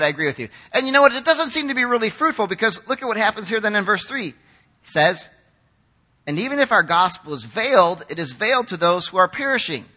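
A middle-aged male pastor giving a sermon, animated and conversational, acting out quoted critics in a chatty voice. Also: high-pitched. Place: church sanctuary.

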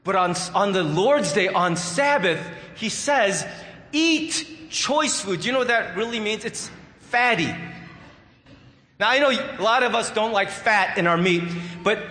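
Bright-voiced animated preacher in an echoey hall. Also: male voice, high-pitched, measured pace. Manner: animated, emphatic preaching with playful asides. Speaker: pastor. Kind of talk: sermon. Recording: echoey hall with long reverb.

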